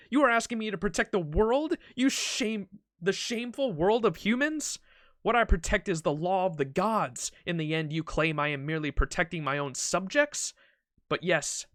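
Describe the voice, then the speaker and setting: A man's voice: high-pitched, moderate pace, a bit bright, no room sound, studio quality. Ozymandias, a pompous pharaoh read by a man. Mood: proud. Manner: pompous, regal and mocking. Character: arrogant ancient Egyptian pharaoh king.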